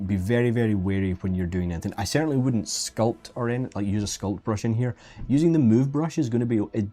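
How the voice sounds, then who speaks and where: He has a lowish voice with a dark tone. Teaching digital sculpting on a live stream, this 3D sculpting instructor keeps things casual and jokey, often beginning his sentences again, while faint music plays underneath.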